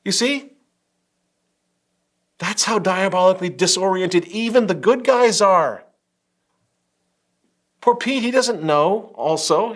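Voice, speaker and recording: A man's voice: high-pitched, fairly bright tone. A man hosting a religious political commentary, talking emphatically with biting sarcasm and wry laughs. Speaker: host.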